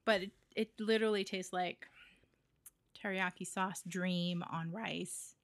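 A woman's voice: on the low side, steady tone, unhurried, dry recording. Giggly podcast co-host lady from hawaii, rambly fillers, dry mic. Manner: chatty, giggly, with many fillers. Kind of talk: casual chat.

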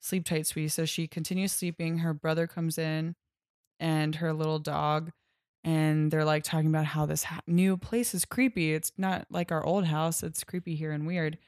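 A woman with a notably low voice co-hosts a casual podcast chat. She talks loosely with fillers and retells scenes. The sound is dry and close. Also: steady tone, moderate pace, a little mellow, no echo. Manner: chatty, retells scenes with quoted lines. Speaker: podcast co-host. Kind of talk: casual chat about a comic book.

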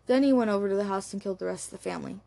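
Woman reading as a calm, quiet male detective. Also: mid-range voice, racing, creaky, lightly acted. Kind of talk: audiobook character reading.

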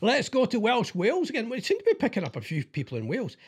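Husky, lively podcast host. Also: male voice, very high-pitched, fast. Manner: teasing, jokey, laughs while reading. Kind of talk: casual banter, reading listener emails.

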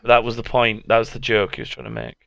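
Wry man, dry and bright. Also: mid-range voice, completely flat delivery, fast, gravelly, no echo, lo-fi sound. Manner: laid-back, wry, laughs often. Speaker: podcast co-host. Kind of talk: casual podcast banter.

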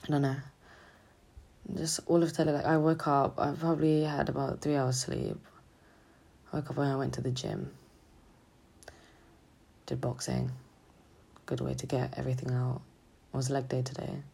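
A young woman student talking haltingly and hesitantly in a confessional vlog, sounding drained and low on energy. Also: fairly even intonation, gravelly, darkish tone, slightly rough. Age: young adult. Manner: halting, hesitant, full of restarts. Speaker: student vlogger.

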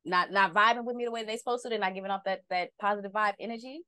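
A woman's voice: medium pitch, racing, bright, forceful tone, no echo. Playful, sassy woman co-host. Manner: playful, sassy asides, laughs often. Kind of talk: casual chat.

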